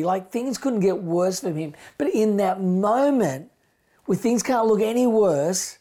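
A middle-aged man preaching a sermon as pastor, impassioned, moving between loud emphasis and hushed near-whispers. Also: high-pitched.

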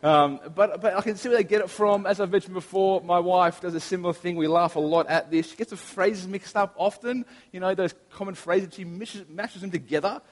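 Chatty pastor preaching in a reverberant hall. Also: male voice, high voice, brisk, hardly any pauses. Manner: chatty and storytelling, with frequent restarts. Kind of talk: sermon with prayer. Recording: long reverb of a large hall.

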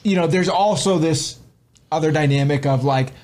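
A man with a fairly high voice co-hosts a casual chat. He speaks in a friendly, reflective way. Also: moderate pace, a little mellow. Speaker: podcast co-host.

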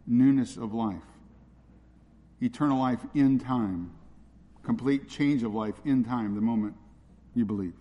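A man's voice: mid-range voice, a little mellow. A man preaching an expository sermon, earnest and repeating his points for emphasis. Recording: long reverb of a large hall.

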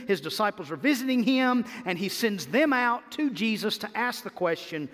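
A man preaching a sermon, moving between quiet, reflective passages and emphatic, rising declarations. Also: high-pitched, long reverb tail. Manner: expressive preaching, swings between soft and emphatic. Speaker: pastor.

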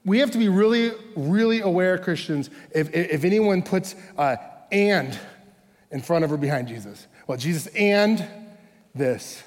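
A pastor preaching a sermon as a casual, self-deprecating personal story, acting out bits of dialogue. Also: male voice, sits high, lively intonation, moderate pace, a little mellow. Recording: long hall reverb.

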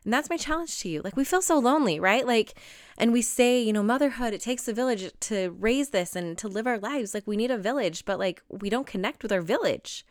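Earnest woman podcaster, smooth and close. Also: a little high, animated, brisk, no echo. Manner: earnest and emotional, with frequent "like" and "right?". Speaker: podcast host. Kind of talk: casual solo podcast talk.

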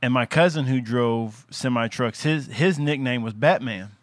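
A man's voice: medium pitch, moderate pace, no echo, studio quality. A man co-hosting a podcast, chatting casually and chiming in with his own memories. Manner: lively, chimes in to back up the story. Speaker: podcast co-host. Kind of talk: casual chat.

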